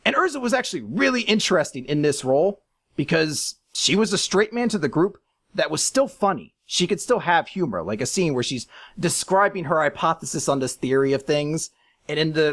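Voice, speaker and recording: Animated sarcastic podcast host, voice swings all over the place. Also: medium pitch, a little fast. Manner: animated, sarcastic, bursts into shouted impressions. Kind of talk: casual chat, ranking list.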